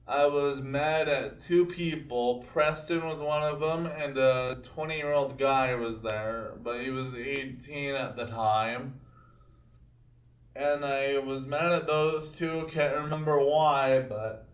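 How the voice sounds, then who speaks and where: Brief: young male vlogger, slow rambling storyteller, recorded far from the mic in a boomy room. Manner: rambling, halting, with many restarts. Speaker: vlogger telling personal stories. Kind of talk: casual storytelling to camera. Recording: distant mic in an echoey room, dull sound.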